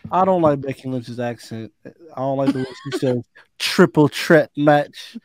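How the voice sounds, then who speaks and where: A man with a mid-pitched voice trades opinions on a casual podcast, blunt and heavy on swearing, often breaking into laughter. The sound is dry and close to the mic. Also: normal speed, darkish tone, no room sound. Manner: blunt and profane, laughs at his own jokes. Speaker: podcast co-host. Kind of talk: casual chat.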